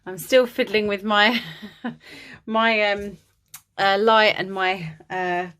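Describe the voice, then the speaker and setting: A tired, slightly breathless woman talks slowly and steadily about her crafts in a casual home vlog, apologizing often and saying "um" a lot. Her voice is medium-pitched and a bit bright, captured by a phone on a holder.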